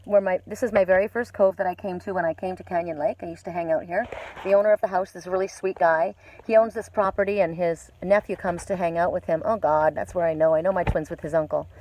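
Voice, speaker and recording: A woman hosting a live oracle card reading stream, rambling and chatty, with gentle spiritual encouragement, recorded outdoors at a lakeside cove. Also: fairly low pitch, steady tone, quick pace, slight background noise. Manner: rambling, chatty, with many fillers and restarts. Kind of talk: casual live-stream chat with viewers.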